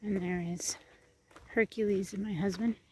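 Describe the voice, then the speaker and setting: A woman's voice: fairly even intonation, normal speed, warm tone, a little hiss or hum. A woman giving a casual walking tour of her homestead outdoors, chatting and cooing to her animals. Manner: chatty, coos to animals in a higher voice. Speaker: homestead vlogger. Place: outdoors on a farm.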